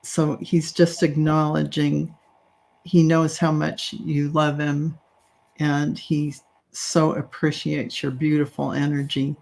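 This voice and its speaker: A woman working as a psychic medium, gently passing on spirit messages in an unhurried, reassuring way with soft fillers. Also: low-pitched, level tone, creaky.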